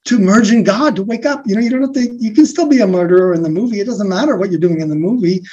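Guy musing about spirituality, soft mellow voice, lots of restarts, kinda dull lo-fi sound. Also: high voice, fast. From USA. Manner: rambling, soft-spoken, many restarts and fillers. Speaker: guest. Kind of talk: reflective spiritual conversation. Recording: dull lo-fi recording.

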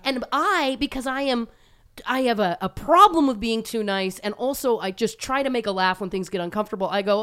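A woman from Toronto tells a dating story in casual podcast chat. She is animated and self-deprecating and laughs often. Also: a little high, fairly quick, smooth. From Toronto, Canada.

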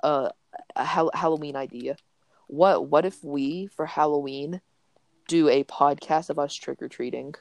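A man's voice: a little high, a little slow, creaky, no echo. A young man co-hosting a gaming podcast, chatting casually and joking around while he plays. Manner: goofy, joking, rambling. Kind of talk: casual gameplay chat.

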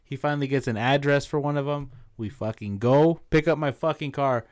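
A man hosting a casual podcast, telling a rowdy story in a profane, animated way and dropping Spanish slang. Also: mid-range voice, a little fast. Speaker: podcast host.

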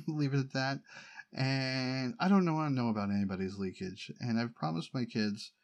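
A man's voice: medium pitch, normal speed. A middle-aged man from the United States in a casual personal monologue, rambling and wryly complaining. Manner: rambling, wry, exasperated complaining with laughs.

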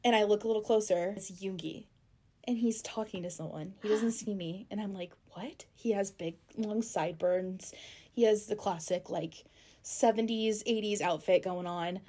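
A woman's voice: mid-range voice, moderate pace, dark tone. A young woman, a podcast co-host, telling a fan-fiction story in a casual chat, with lots of "like" and acted-out quoted lines.

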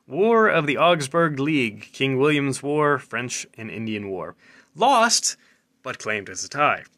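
A man with a bright, forceful voice and a middle pitch hosts a casual military news show. He reads news and jokes aloud in a chatty, offhand way. He stumbles, restarts and laughs through his reading. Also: expressive, measured pace.

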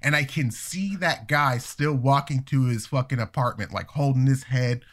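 A young man in a casual chat, telling a long story in a rambling, profane, animated way. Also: mid-range voice, moderate pace. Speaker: storyteller guest.

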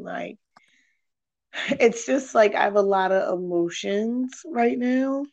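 A woman's voice: mid-range voice, slow, creaky, a little mellow, highs cut off. A young woman hosting a candid podcast chat, talking frankly and with lots of swearing, rambling through her thoughts with many fillers. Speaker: podcast host.

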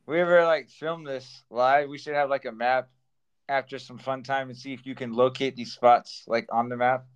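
Laughing man with a smooth voice. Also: mid-range voice, moderate pace, muffled recording. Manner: laughs often, animated storytelling. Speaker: podcast co-host. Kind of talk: casual chat.

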